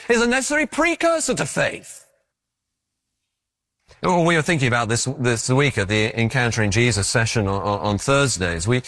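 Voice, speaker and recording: Animated preacher with a lively voice. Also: male voice, medium pitch, no room sound, clean studio sound. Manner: conversational and animated, acting out stories. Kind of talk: sermon.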